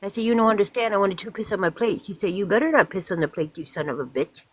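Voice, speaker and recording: A woman's voice: medium pitch, very fast, breathy edge, no echo, lightly acted, rough recording. A woman putting on an Italian man's voice, telling a crude joke in broken English. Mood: joking.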